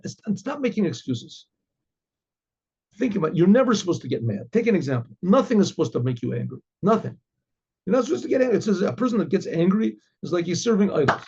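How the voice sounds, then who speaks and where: Chatty rabbi, husky mellow voice. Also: male voice, sits high, sing-song, quick pace. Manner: chatty, acts out both sides of an inner dialogue; repeats and restarts phrases, reads Hebrew then translates. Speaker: rabbi teaching a class. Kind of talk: informal Torah lesson. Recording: dull lo-fi recording.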